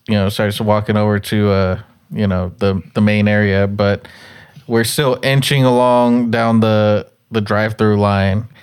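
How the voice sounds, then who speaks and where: Smooth low-voiced young man chatting. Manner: slangy, animated, jumps into high voices for quotes. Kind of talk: casual storytelling chat.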